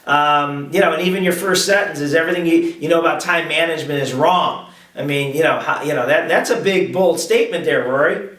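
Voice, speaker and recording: Male host, enthusiastic and jokey, higher voice, roomy far-off recording. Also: fairly bright tone. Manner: enthusiastic and joking, with many halting restarts. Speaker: podcast host. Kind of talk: casual interview chat. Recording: roomy echo, distant mic.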